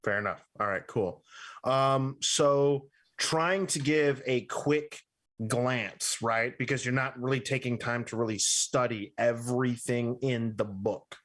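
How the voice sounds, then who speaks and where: A man's voice: medium pitch, unhurried, fairly bright tone. A man running a tabletop game as game master, narrating in a casual way and checking in often with "right?". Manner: casual, uses fillers like "right?".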